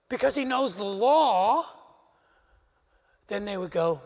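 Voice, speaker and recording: High-voiced, gravelly preacher in a church hall. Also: male voice, a little slow. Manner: animated storytelling preacher, wry humor. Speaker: pastor. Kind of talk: sermon. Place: church sanctuary. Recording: live church stream with long hall reverb.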